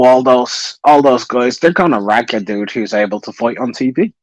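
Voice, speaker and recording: A man hosting a casual chat, ranting in an animated way and swearing freely. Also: mid-range voice, normal speed, few pauses, no echo, lo-fi sound.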